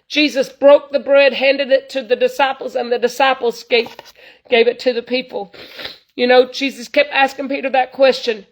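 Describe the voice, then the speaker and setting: A woman's voice: high voice, steady tone, normal speed, poor audio. A woman, preaching informally to online viewers in an earnest, folksy way, full of "you know". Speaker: traveling evangelist.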